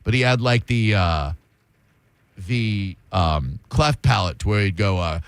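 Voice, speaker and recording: A man's voice: lowish voice, expressive, measured pace, clean tone, dry recording. A man hosting a radio show, telling rambling, self-mocking stories in casual talk from a studio.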